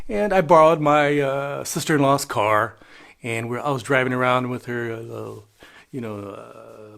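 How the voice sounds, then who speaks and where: Older man with a gravelly voice. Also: medium pitch, a bit bright. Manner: rambling, chuckling, drops in Spanish phrases. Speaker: travel vlogger. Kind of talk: casual storytelling monologue.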